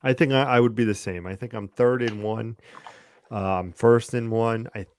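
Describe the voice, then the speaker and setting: A man co-hosting a casual fantasy football chat, excitable and animated, with loud bursts. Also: medium pitch, normal speed. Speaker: co-host.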